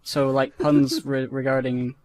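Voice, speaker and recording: A young man with an English accent in a casual podcast chat, jokey and rushing through his explanations. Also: medium pitch, little pitch movement, slight background noise.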